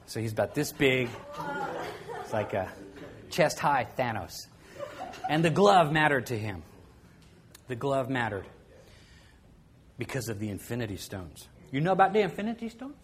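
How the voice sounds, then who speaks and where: A middle-aged man telling a personal story to an audience in a conversational way, often dropping to a quiet voice and chuckling now and then. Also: mid-range voice, lively intonation, unhurried, long pauses.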